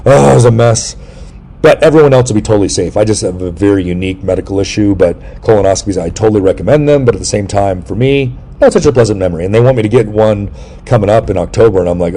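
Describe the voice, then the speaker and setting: A middle-aged man hosting a casual interview chat, telling rambling, jokey stories and breaking into sudden loud yelps. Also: fairly low pitch, fast talker. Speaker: podcast host.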